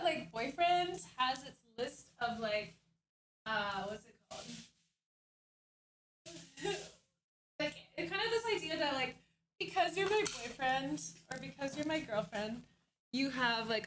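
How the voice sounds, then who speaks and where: A chatty young woman hosts her live stream from home, greeting viewers by name and laughing often. Her voice sits high and light. A faint hiss runs under the desk mic. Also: a bit bright. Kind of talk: casual live-stream chat.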